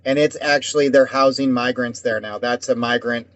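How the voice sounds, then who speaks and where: A man's voice: mid-range voice, fairly even intonation, normal speed, fairly bright tone. A man co-hosting a casual talk show, ranting at length and swearing often. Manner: heated, rambling, swears often. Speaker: podcast co-host. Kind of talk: casual conversation. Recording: dull dry lo-fi sound.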